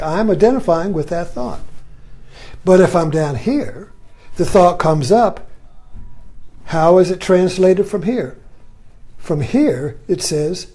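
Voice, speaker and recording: A man teaching on stillness in a reflective spiritual talk. His voice is mellow and warm, and its pitch rises and falls freely. He leans on rhetorical questions and lets out soft chuckles. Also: lively intonation, a little slow, pauses often.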